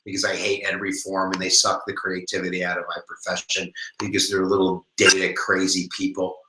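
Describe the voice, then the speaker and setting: An American man in his forties, a former history teacher, giving a jokey, animated live exam review to viewers online. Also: low voice, brisk, echoey room, heavy background noise.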